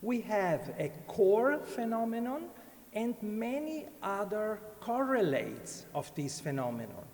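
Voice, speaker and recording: Halting man lecturing in a reverberant hall. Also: sits high, a little mellow. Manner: halting, many fillers and restarts. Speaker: conference speaker. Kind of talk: academic conference talk. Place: university conference hall.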